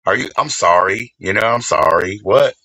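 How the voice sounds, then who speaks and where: Man, live streamer, forceful bright voice, lowish pitch, rambling and profane, dry close sound. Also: animated, moderate pace, gravelly, dry recording, rough recording. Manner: rambling, profane, shouting out viewers by name. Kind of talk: casual chat with live stream viewers.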